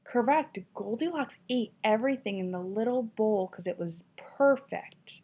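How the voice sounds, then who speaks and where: A woman's voice: on the high side, lively intonation, unhurried, mellow. A woman teacher reading a children's story aloud with expression, then asking a class encouraging questions about it. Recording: dull lo-fi recording.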